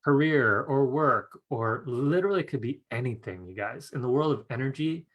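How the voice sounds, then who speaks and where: Male host, mid-pitched, casual talker on a live class stream, keeps checking in with his viewers. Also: animated, fairly quick, highs cut off. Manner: chatty, keeps asking "right?" and "you guys", laughs often. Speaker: psychic development teacher hosting a live online class. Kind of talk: casual live-stream teaching with a told anecdote.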